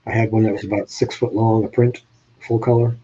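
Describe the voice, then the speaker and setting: A man's voice: lowish voice, little pitch movement, fairly quick, dark tone, breathy edge, highs cut off. A man with a New England accent hosting a casual live-stream chat, easygoing and plain-spoken. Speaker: host.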